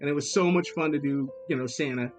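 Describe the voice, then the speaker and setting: Guy in his 30s chatting on a podcast, kinda high voice, crude jokes, keeps restarting, music under it. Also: fast. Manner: rambling, crude, jokey, with many restarts. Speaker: podcast co-host. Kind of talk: casual chat.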